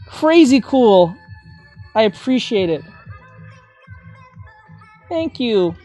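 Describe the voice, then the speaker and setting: A woman art teacher chatting casually on a livestream while drawing, gushing with thanks and breaking into excited shouts. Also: on the high side, takes it slowly, pauses often, dry recording. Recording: faint music behind.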